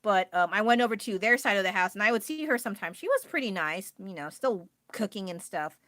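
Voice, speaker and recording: A woman's voice: medium pitch, lively intonation, a little fast, fairly bright tone, no echo, studio quality. A woman with an American accent chatting casually on a livestream, rambling and laughing often as she answers her chat. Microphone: phone.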